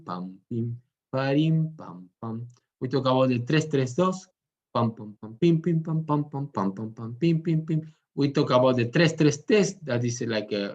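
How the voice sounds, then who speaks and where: Man teaching tango music, halting delivery. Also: medium pitch. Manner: sings rhythms out loud with syllables; halting, searching for words. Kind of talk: explanatory music lesson. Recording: dull lo-fi sound.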